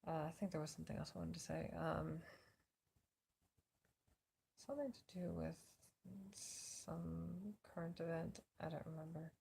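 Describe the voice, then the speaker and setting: An exhausted woman vlogging from her cot on a phone camera, her worn-out voice a little slurred as she rambles with many pauses. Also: low-pitched, gravelly, mellow, slight background noise. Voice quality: slightly slurred. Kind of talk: casual check-in vlog. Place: lying on a cot at home.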